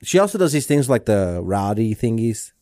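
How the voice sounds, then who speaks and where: A young man co-hosting a casual podcast chat, telling stories with deadpan jokes. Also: on the low side, moderate pace, no room sound. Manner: easygoing storyteller, deadpan jokes. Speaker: podcast co-host.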